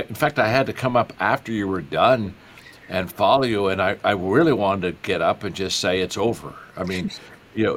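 A man's voice: lowish voice, a bit bright, a little hiss or hum. Older male author, folksy and enthusiastic. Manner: folksy, enthusiastic storyteller who repeats himself. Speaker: guest author and leadership speaker. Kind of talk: interview conversation.

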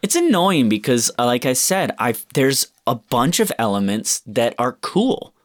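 A man's voice: mid-range voice, huge pitch swings, measured pace. A man in casual chat, animatedly ranting about a movie with lots of swearing and acted-out quotes. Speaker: podcast co-host reviewing a film.

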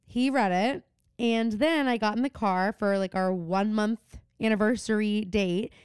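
A woman's voice: mid-range voice, a little slow, a little mellow, clean tone, no room sound, clean studio sound. A woman co-hosting a podcast, chatting casually about a TV episode and acting out the characters' lines. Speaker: podcast co-host. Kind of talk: casual chat recapping a TV show.

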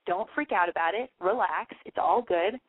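Tipsy foul-mouthed lady hosting a call-in show, super animated, dry tinny sound. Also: mid-range voice, moderate pace, breathy edge, dry recording. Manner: brash, profane and animated. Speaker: radio show host. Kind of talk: casual advice call-in show.

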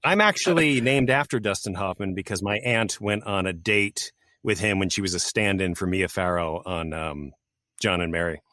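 A man's voice: sits low, sharp tone, dry recording. A man co-hosting a podcast, chatting casually and reacting enthusiastically. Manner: enthusiastic, quick affirmations. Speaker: podcast co-host. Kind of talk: casual chat.

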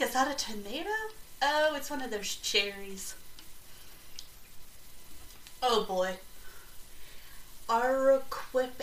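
Slow-reading woman podcaster in an echoey room. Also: mid-range voice, a little hiss or hum. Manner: slow, halting reading with chatty excited asides. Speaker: podcast host. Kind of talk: casual podcast reading aloud with asides. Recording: roomy echo, distant from mic, faint ambience.

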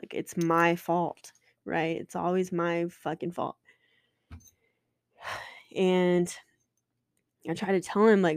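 A woman's voice: fairly low pitch, flat delivery, unhurried, creaky, pauses often, a little mellow, dry recording, studio quality. A woman in her twenties, a podcast host telling a personal story candidly and emotionally, swearing and restarting often.

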